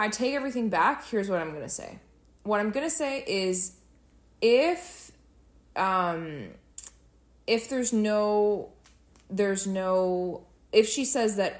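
A woman's voice: medium pitch, lively intonation, a little slow. A woman co-hosting a casual chat podcast, opinionated and arguing her point. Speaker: podcast co-host. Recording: roomy echo.

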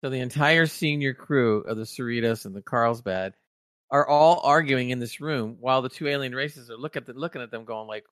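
Male podcast co-host, animated storyteller, mid-pitched voice, dry close-mic sound. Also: normal speed, no room sound. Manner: animated scene retelling. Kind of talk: casual review chat.

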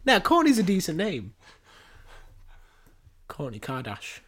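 A man's voice: high voice, wildly swooping pitch, takes it slowly, fairly bright tone, breathy edge. A man co-hosting a podcast, joking and rambling as he runs through fight picks in casual chat. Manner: jokey, rambling, laughs often. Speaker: podcast co-host.

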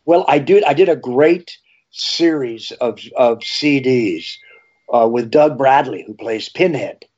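A man, an actor and horror TV host, telling rambling animated anecdotes in a casual interview. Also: mid-range voice, slow pace, breathy edge. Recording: slightly dull lo-fi sound.

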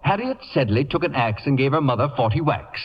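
A man's voice: mid-range voice, sing-song, fairly quick, breathy edge, lo-fi sound. An actor playing a pompous, acid-tongued older male radio celebrity in a 1940s radio play, with theatrical, mocking speech. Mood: gloating. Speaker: Sheridan Whiteside, lead role. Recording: scratchy 1940s radio broadcast with reverb.

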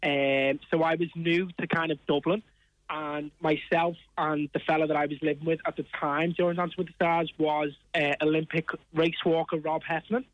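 A man's voice: a little high, flat delivery, normal speed, no room sound, highs cut off. A man chatting as a guest on a radio show, easygoing and friendly. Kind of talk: casual radio interview.

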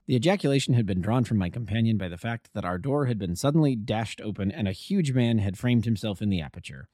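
A man narrating a classic detective story aloud in a steady, descriptive way. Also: lowish voice, fast talker, hardly any pauses, dry recording, clean studio sound. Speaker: amateur audiobook narrator.

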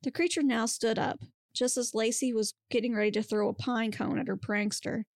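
Podcast lady reading a spicy story, gravelly fry in her voice, dry close mic. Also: on the high side, fairly even intonation, moderate pace, no echo. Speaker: podcast host. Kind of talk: reading a monster romance aloud.

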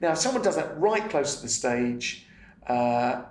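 A middle-aged man with a British accent, a comedian guest telling an animated anecdote in casual chat. He laughs freely and swears often. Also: a little high, a little slow. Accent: British English. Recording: roomy and distant with faint noise.

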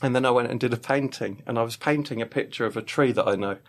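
A man co-hosting a children's comedy show, telling absurd stories in a deadpan way. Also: medium pitch, fast talker. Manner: deadpan storytelling, acting out voices of rude onions. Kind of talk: silly improvised comic chat.

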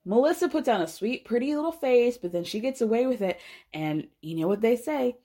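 A woman's voice: on the high side, animated, brisk, dark tone. A woman hosting a podcast, giving a casual, blunt and sarcastic recap of a reality show, swearing freely. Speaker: podcast host.

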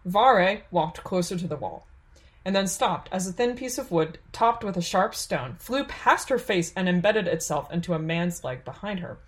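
Woman narrator, audiobook, steady measured storytelling, fairly low voice for a woman.

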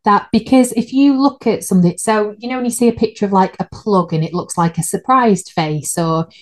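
A woman's voice: medium pitch, brisk. A woman, co-hosting a podcast in casual chat and laughing at her own slips. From United Kingdom. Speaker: podcast co-host.

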